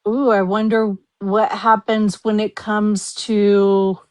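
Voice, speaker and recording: Woman in group chat, talks real slow, kinda trails off. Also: mid-range voice, little pitch movement, darkish tone. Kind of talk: casual group discussion.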